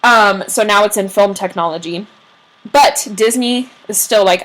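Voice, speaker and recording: A woman's voice: medium pitch, unhurried, a bit bright. Chatty young woman telling a story. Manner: chatty storyteller, many ums, acts out quotes. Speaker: podcast co-host telling the story. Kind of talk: casual history podcast chat.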